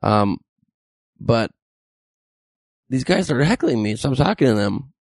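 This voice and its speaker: A man's voice: mid-range voice, measured pace, vocal fry, dry recording. A man, a comedian, telling a story casually and acting out the voices of the people in it. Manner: animated, acts out quoted voices.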